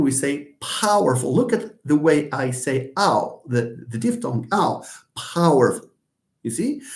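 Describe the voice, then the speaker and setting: A man's voice: fairly high pitch, a little mellow. Hesitant male lecturer in an echoey room. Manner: hesitant, many fillers and repeated words; explains slowly, stretching example words. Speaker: linguistics lecturer. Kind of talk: live online lecture answering comments. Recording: roomy echo.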